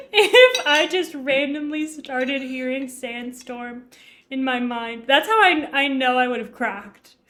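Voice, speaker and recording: A woman's voice: sits high, a bit bright. A young woman chatting casually with her live-stream chat while cooking in her home kitchen, giggling often.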